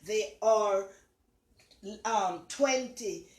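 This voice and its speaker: A woman's voice: medium pitch, very slow. An older woman with a Jamaican accent, hosting a casual home cooking vlog in a chatty, rambling, affectionate way. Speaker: cooking show host. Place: home kitchen. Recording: echoey kitchen.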